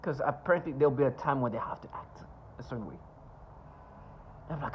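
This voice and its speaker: A man's voice: mid-range voice, expressive, a little mellow, slight background noise, rough recording. A man talking to camera in a rambling monologue, scornful and sarcastic, often stopping and restarting. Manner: halting, with many restarts and asides. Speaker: vlogger.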